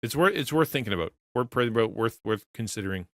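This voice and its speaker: A man's voice: mid-range voice, expressive, quick pace, no echo, studio quality. A middle-aged man in a casual livestream, talking earnestly to his chat, rambling with many restarts and repeated words. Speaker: streamer and pastor to creators.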